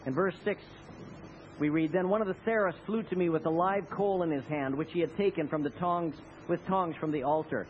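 A man's voice: on the high side, brisk. A man preaching a sermon with passion, leading the congregation in spoken responses. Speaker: pastor. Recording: tinny phone-like recording with faint noise.

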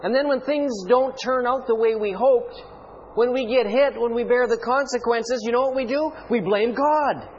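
High-voiced man preaching animatedly. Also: normal speed, dull audio, slight background noise. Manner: animated, rhetorical, playful asides. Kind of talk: sermon.

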